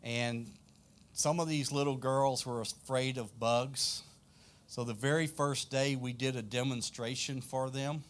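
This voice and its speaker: Slow-preaching South Louisiana man. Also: mid-range voice, fairly even intonation. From South Louisiana, United States. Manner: slow, emphatic preaching with questions to the congregation. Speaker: pastor. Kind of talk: sermon.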